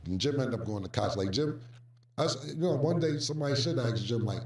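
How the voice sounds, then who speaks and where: Man, storytelling, animated, slangy, acts out voices, distant mic, echoey room. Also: mid-range voice, brisk, slight background noise. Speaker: storyteller recounting music business past. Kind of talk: casual anecdote telling.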